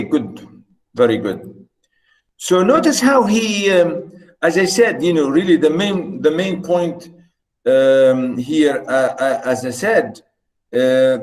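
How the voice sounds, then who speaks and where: A man teaching a literature class, pausing often with fillers and reading passages aloud with emphasis. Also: fairly high pitch, darkish tone, rough recording. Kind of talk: classroom lecture on a short story.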